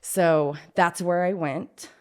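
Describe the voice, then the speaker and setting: A woman with a notably low voice recounts her own story as an interview guest. She is candid and unfiltered, filling her speech with "like" and dropping swear words as she goes. She grew up in Southern California. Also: steady tone, takes it slowly, darkish tone, clear, resonant tone. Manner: frank and unfiltered, peppered with "like" and swearing. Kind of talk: recounting a personal story in casual conversation.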